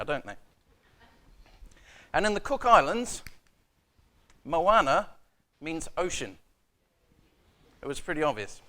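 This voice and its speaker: A different man, from New Zealand, gives a casual technical talk in a conference room, his voice a little high and a bit bright. As a conference speaker he's self-deprecating and uses many ums and uhs.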